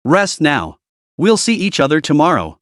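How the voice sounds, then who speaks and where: A man reading the lines of a tender, protective young man, soothing and gentle. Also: on the high side, wildly swooping pitch, normal speed, no echo, clean studio sound.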